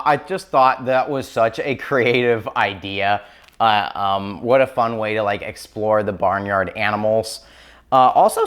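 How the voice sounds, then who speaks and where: A man's voice: on the low side, a bit bright. Chatty man reviewing picture books. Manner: chatty, filler-heavy, enthusiastic. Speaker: children's book reviewer. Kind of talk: casual book review chat.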